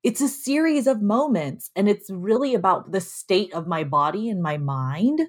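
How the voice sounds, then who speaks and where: A woman in a relaxed, frank conversation about her own moods. She tells stories with lively asides and talks easily about her own life. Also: medium pitch, normal speed. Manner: candid, animated storytelling. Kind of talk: casual conversation about anger.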